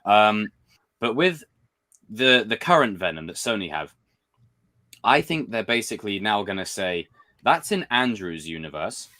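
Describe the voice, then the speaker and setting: A man hosting a relaxed pop culture podcast, talking with eager, buddy-style energy. His voice sits a little low, and he keeps tossing bro and dude into his chatter. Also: unhurried, long pauses. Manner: excited, calls others bro and dude. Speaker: podcast host. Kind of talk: casual podcast chat.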